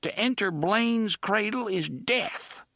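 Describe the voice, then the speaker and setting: A man's voice: sits high, animated, slow, a bit bright, no echo, studio quality, pitched above the performer's own voice, exaggerated voice. A man voicing a stern, frightened old woman. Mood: grave. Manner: solemn warning tone, old-fashioned speech.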